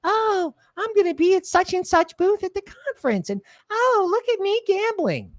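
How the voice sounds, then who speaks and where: A man putting on a high, sing-song voice to mock a show-off influencer. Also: sing-song, moderate pace, dry recording, clean studio sound.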